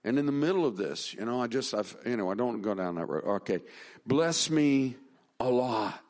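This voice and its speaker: A man's voice: fairly low pitch, lively intonation, fast talker, a little mellow. A middle-aged man preaching a sermon as pastor, talking in a conversational, folksy way, with restarts and rising emphasis.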